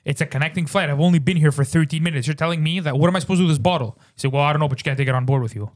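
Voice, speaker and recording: A man co-hosting a podcast, telling a story in a casual, animated way, swearing freely and saying bro a lot. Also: on the high side, racing. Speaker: podcast co-host.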